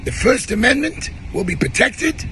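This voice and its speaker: A hoarse man giving a fiery, defiant rallying speech and shouting slogans to his community. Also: very high voice, lively intonation, normal speed, slight background noise. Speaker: activist addressing his community.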